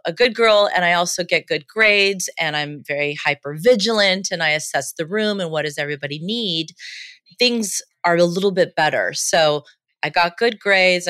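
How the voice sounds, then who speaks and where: A woman's voice: lowish voice, smooth, no echo. A woman in her fifties, a guest on a podcast, telling her life story candidly and with animation. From United States. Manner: candid, animated, laughs easily. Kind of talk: casual storytelling interview.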